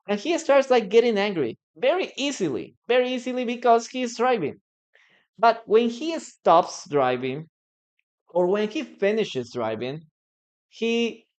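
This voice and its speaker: A man with a Peruvian Spanish accent, teaching English live online and repeating phrases slowly for learners. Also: a little high. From Peru. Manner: greets viewers by name and reads chat aloud.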